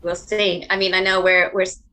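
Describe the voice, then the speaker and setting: A woman's voice: on the low side, level tone, a little fast, pushed and bright, poor audio. Hesitant, earnest woman guest. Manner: hesitant, full of restarts, earnest. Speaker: podcast guest. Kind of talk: casual chat.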